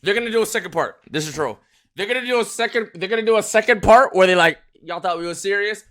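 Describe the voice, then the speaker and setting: A man, reacting live to a rap video as a streamer, loud and excitable, often shouting and laughing. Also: high voice, quick pace, slight background noise.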